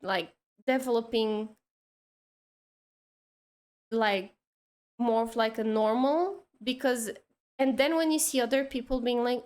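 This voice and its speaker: A woman's voice: fairly high pitch, slow pace, pauses often. A woman chatting casually on a drawing stream, telling stories and acting out the kids she teaches. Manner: animated storytelling, acting out kids' voices. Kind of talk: casual chat while drawing.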